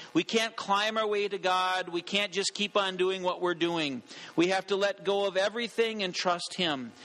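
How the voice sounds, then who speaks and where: A male pastor giving a sermon in an earnest, deliberate way, slowing down on key phrases, then leading a prayer. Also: high voice, pushed and bright, rough recording.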